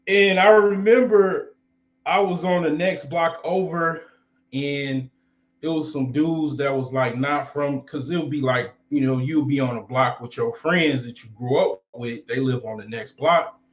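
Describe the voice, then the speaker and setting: A vlogger in his forties tells stories in a loose, rambling, profane way, his voice sitting on the high side at a measured pace. The recording sounds roomy and a little dull.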